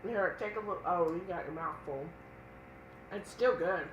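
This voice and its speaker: A woman co-hosts a casual cooking live stream, chatting and reading viewer comments aloud. Her voice is lowish and her pace moderate. The audio is dull and echoey, with slight background noise.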